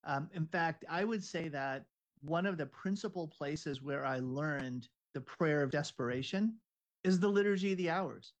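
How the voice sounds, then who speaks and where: A man's voice: fairly high pitch, moderate pace. A man co-hosting a casual conversation, talking in an earnest, searching way and often restarting his sentences.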